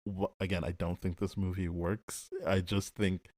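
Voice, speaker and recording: A man with a lowish voice talks films on a podcast, close and dry on the mic. He is animated and keeps slipping into acted-out quotes. The tone is easy, casual chat between friends. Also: moderate pace, no echo. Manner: animated, acts out quoted lines, chuckles often. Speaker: podcast co-host. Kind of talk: casual film review chat.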